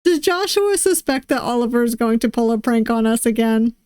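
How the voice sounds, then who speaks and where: A woman's voice: fairly high pitch, animated, a little fast, few pauses, darkish tone, smooth, no room sound, clean studio sound. A woman streamer reading a visual novel aloud, giggling and poking fun at her own attempts at voices. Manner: giggly, self-deprecating. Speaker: VTuber game streamer.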